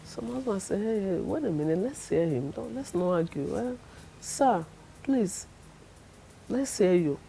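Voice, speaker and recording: Animated woman telling her story. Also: medium pitch, a little slow, vocal fry, slight background noise, rough recording. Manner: acts out the people she quotes, laughs often. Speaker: guest telling her testimony.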